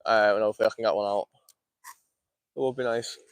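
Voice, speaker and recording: A young man with a Scouse accent from Liverpool, chatting quickly to his live-stream viewers while fishing outdoors in the cold and laughing often. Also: on the low side, fairly even intonation, clean tone, no room sound. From Liverpool, England. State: cold, shivering. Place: outdoors by a lake.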